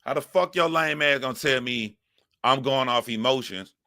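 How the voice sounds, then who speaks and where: A man's voice: mid-range voice, normal speed, bright, forceful tone, no echo. A man giving heated, profane commentary to his live chat as a streamer. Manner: profane, emphatic ranting.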